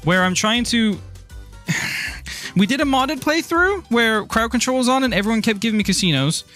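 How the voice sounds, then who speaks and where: A high-pitched man from Ireland talks loosely through a live game stream. He rambles, gets excited, swears freely and stumbles over his words. Soft music plays faintly behind him. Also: normal speed. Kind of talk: casual live-stream chat while playing.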